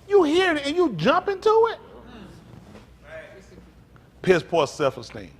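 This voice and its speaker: A man speaking as a pastor in an emphatic, preacherly talk, often building up to loud outbursts. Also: very high voice, wildly swooping pitch, slow pace.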